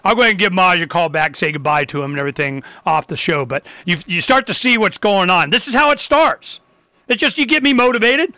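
High bright fired-up male talk host. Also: expressive, a little fast, clean tone, dry recording. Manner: fired-up and emphatic, with sudden loud bursts; loose and rambling, with restarts. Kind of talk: ranting talk show monologue.

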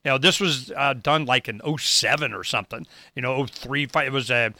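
A man's voice: medium pitch, brisk, bright, forceful tone. A middle-aged man who publishes a website, rambling through its articles with anecdotes and conspiratorial asides. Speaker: website publisher walking through his site. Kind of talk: casual screen-share talk.

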